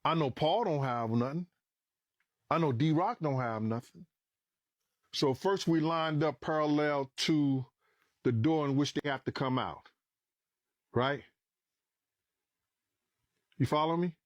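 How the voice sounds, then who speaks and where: A middle-aged man telling a story as a podcast guest in a casual, animated way, swearing freely and acting out what people said. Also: on the high side, takes it slowly, long pauses, no echo. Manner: animated, acts out quoted dialogue, swears freely.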